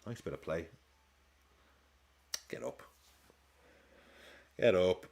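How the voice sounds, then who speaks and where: A man's voice: low-pitched, extremely slow, a little mellow. A man with a casual, rambling manner, chatting and laughing often as he hosts a live football watch-along stream.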